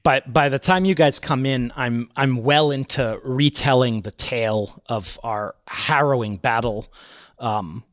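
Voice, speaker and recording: A man's voice: mid-range voice, measured pace, fairly bright tone, no echo, clean studio sound. A man playing a tabletop game who explains his plans with many restarts. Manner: stammering restarts. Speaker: player.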